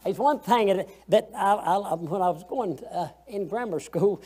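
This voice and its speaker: High-voiced man teaching Sunday school. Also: normal speed, darkish tone, husky. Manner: folksy, colloquial, asks the class questions.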